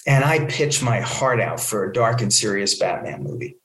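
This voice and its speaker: A man telling a long anecdote in an interview and acting out the people in it with lively quoted voices. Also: on the low side, normal speed, echoey room, poor audio. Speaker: guest, film producer. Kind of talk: storytelling in an interview.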